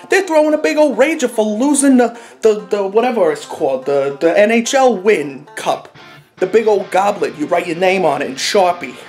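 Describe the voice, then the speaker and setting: A man playing an angry bandwagon sports fan from Boston, ranting in a profane, repetitive comedy monologue with a Boston accent, over faint guitar music. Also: high-pitched. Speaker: comedic character.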